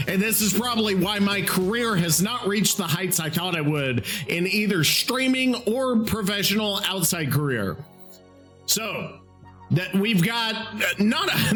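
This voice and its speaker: Ranting, high-voiced male podcast host. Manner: exasperated, profane, ranting. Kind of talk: solo podcast rant.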